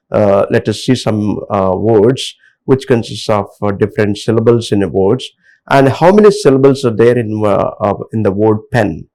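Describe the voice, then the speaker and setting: A middle-aged man with an Indian English accent giving a classroom lecture, talking haltingly with many filler pauses. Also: lowish voice, mellow, poor audio.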